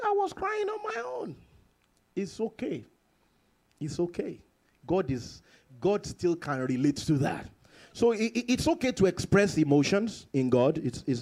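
A male pastor delivers a sermon in a high, bright voice. His pitch swings widely as he leans on repeated phrases and breaks into sudden high bursts. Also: measured pace. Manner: animated preaching with sudden high bursts and laughs.

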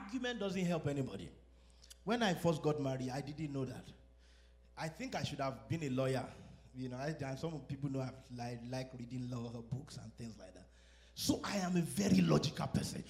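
Animated high-voiced pastor preaching. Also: male voice, a little fast. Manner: animated, acts out quoted exchanges and laughs at his own stories. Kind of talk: sermon.

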